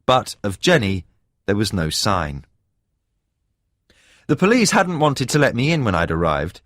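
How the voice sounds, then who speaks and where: A man reading a thriller audiobook in the first person, telling the story at a measured pace with expressive emphasis. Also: on the low side, dry recording, clean studio sound. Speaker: audiobook narrator. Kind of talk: scripted first-person narration.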